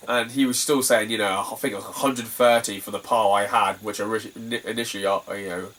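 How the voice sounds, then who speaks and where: A man's voice: on the low side, steady tone, fast, fairly bright tone, far from the mic. Chatty British guy, a bit off-mic. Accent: British English. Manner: rambling, chatty, laughs often. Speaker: retro game collector vlogger. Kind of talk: casual chat.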